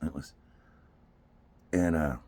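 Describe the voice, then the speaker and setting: Speaking slowly in a bass voice, a man recounts a trip to an amusement park with his daughter. The casual tale is animated, punctuated by frequent laughter and his impressions of what people said.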